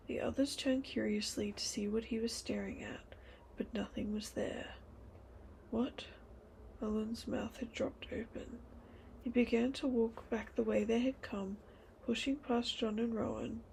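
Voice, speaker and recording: A woman reading a children's novel aloud in a hushed, breathy whisper. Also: fairly high pitch, slight background noise, poor audio. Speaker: storybook reader.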